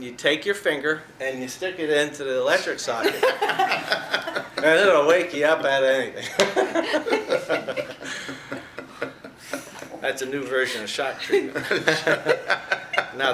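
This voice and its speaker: Here a man with a sharp, mid-range voice offers a relaxed Bible teaching, stressing key words heavily and laughing at jokes he makes himself. The recording has a slight echo and faint noise.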